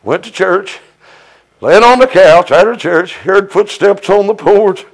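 High-pitched preacher man. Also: measured pace, creaky, low-quality recording. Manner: preaching with frequent "uh" fillers, rising into high chanted cries. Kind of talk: sermon testimony.

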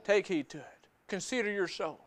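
At a church service, a man with a high-sitting voice preaches at a normal speed. He combines personal testimony with scripture, keeping his language plain and folksy and repeating phrases for emphasis.

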